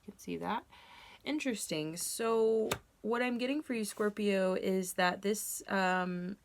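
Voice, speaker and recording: A woman's voice: mid-range voice, a little slow, a little hiss or hum. A young woman giving a casual tarot reading to camera, candid and rambling, with frequent ums and self-corrections. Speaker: tarot reader.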